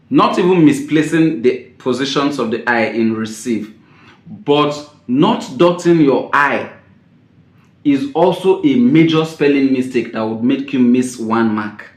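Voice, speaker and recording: A man giving a spoken tips lesson as an exam-prep teacher, repeating his key points and stressing words with sudden loud jumps. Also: mid-range voice. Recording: roomy echo.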